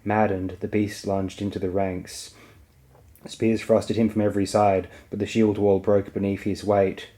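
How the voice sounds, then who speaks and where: A man narrates a fantasy audiobook in a low, warm voice. His delivery stays level and even, with little rise and fall. He keeps a steady storytelling pace through the battle scenes. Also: unhurried. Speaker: audiobook reader.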